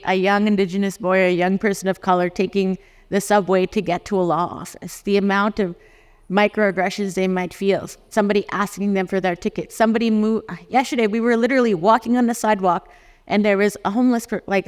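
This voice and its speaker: A Canadian lawyer in their forties gives a conference talk, acting out dialogue from personal stories and laughing often in an animated way. The voice is medium-pitched, fairly quick and clean in tone, with long reverb from the conference hall.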